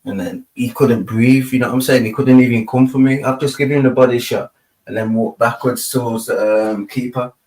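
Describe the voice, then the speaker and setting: A man's voice: mid-range voice, fairly even intonation, a little fast, a little mellow. A young man telling a story in casual chat, full of street slang and tag questions. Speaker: panel guest. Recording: roomy, distant from mic.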